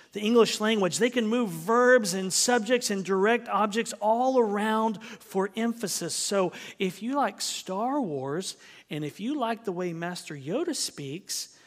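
A man preaching a sermon as pastor, swinging from hushed, near-whispered lines to loud, emphatic ones. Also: sits high. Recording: long hall reverb.

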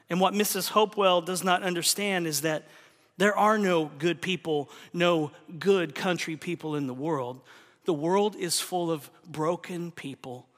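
A male pastor preaching a sermon, impassioned, slowing down to stress key phrases. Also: high voice, bright, forceful tone. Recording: long hall reverb.

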